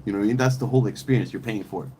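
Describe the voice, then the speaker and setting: A man's voice: fairly low pitch, racing, dark tone, a little hiss or hum, low-quality recording. A man talking on a podcast in a casual, opinionated way, rambling and emphatic, with plenty of slang, swearing and restarts. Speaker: podcast host.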